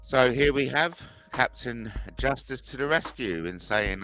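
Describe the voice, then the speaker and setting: Slow rambling male livestreamer. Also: medium pitch, lively intonation, pushed and bright, faint music behind. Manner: rambling, chuckling, mimics clips in mocking voices. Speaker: livestream host. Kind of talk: casual livestream commentary.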